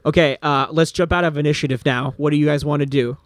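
A man narrating as game master in a tabletop game, brisk and descriptive, with fillers. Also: on the high side, steady tone, no echo.

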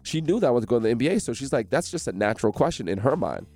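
A man from New Jersey, a guest in a radio studio, telling his story with animated energy and acting out the voices of the people in it. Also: mid-range voice, very fast, soft background music. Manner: animated, acts out quoted voices.

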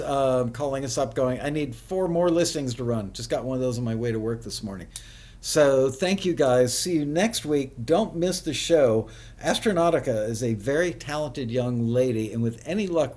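A man hosting a live web show, chatting casually with viewers, often laughing and spelling things out slowly. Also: medium pitch, darkish tone.

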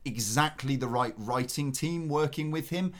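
A man's voice: a little high, moderate pace. Blunt, opinionated male film show host. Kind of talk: casual film review chat.

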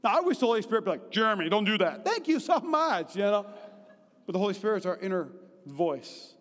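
High-voiced preaching man in a reverberant hall. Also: brisk. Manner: lively and conversational, often asking the congregation "right?". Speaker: pastor. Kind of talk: sermon. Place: church hall. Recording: long reverb of a large hall.

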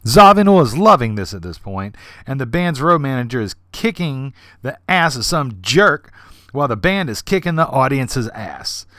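A man hosts a podcast and tells a backstage anecdote with animated energy, slipping into voices for the people in the story. His speaking voice sits in a middle pitch. The recording is dry and close, with no room sound. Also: normal speed, no room sound. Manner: animated, with vivid character voices. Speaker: podcast host.

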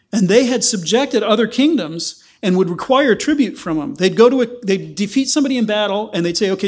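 A man teaching a Bible passage, explaining it verse by verse and acting out the quoted voices. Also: high voice. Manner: animated, acts out quoted voices. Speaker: preacher.

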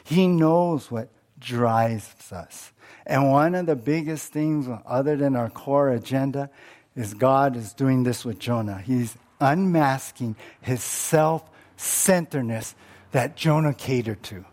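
A man's voice: mid-range voice, slow pace, darkish tone. A male pastor preaching a sermon in a conversational way, often asking listeners questions and repeating words.

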